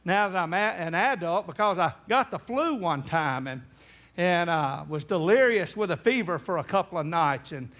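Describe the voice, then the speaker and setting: High-voiced evangelist preaching. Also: male voice, expressive, normal speed. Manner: acts out quoted voices, rising to near-shouts in emotional peaks. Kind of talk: sermon storytelling.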